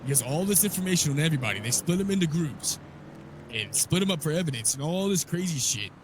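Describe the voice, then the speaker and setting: A man with a slightly high voice tells a long, profane story in character, full of quoted back-and-forth. His delivery is animated and rough-edged. Street noise stays clearly audible behind him. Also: fast talker. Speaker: roleplay character telling a story. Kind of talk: in-character story recap in a game.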